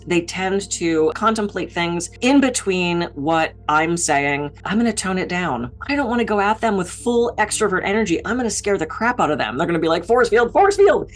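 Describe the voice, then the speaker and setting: A middle-aged woman from Pittsburgh giving a motivational talk as a keynote speaker, with a high-energy and direct delivery. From Pittsburgh, USA.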